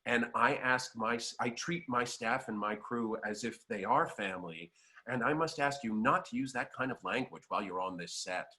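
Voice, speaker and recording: A man putting on a prim devout lady, quiet and stiff, bright voice. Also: medium pitch, normal speed, natural voice. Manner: polite and stiff. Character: prim, devout older woman singer.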